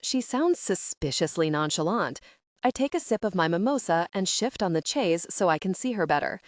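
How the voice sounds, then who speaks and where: A woman giving wry, expressive first-person narration of a romance audiobook. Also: fairly low pitch, normal speed, no echo, clean studio sound.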